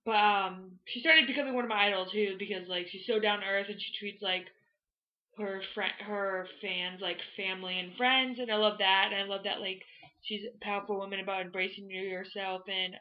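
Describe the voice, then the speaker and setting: A teenage girl from Florida vlogging, telling a story in an excited, rambling way full of "like" fillers. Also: mid-range voice, highs cut off. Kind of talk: casual storytelling to camera.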